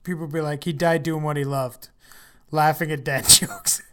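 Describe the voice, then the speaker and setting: A man's voice: on the high side, fairly even intonation, normal speed, a bit bright, clean tone. A young man co-hosting a podcast, giggling and breaking into wheezy laughs as he talks. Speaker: podcast co-host. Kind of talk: casual podcast chat. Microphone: remote internet recording.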